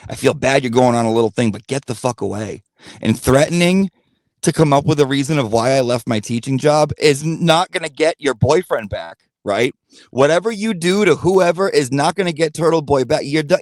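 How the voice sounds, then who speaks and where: A man's voice: mid-range voice, a little mellow, no room sound, studio quality. Profane, gossipy man ranting. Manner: profane, blunt, gossipy, rambling. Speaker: channel host. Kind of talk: ranting gossip storytime monologue.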